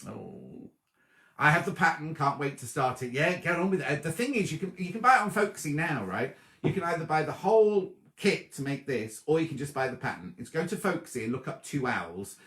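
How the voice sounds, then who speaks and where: A man's voice: fairly high pitch, animated, fairly quick, a bit bright, reverberant. A man, hosting a sewing livestream and chatting casually as he reads out viewers' comments and thanks them by name. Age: 50s. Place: home room before a dark wall.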